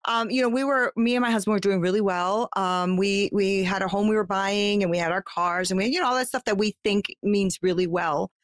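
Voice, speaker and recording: A woman's voice: medium pitch, a little fast, few pauses, dry recording. Woman guest, heartfelt personal story, chatty with fillers, dry close sound. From United States. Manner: heartfelt, talkative, many fillers and restarts.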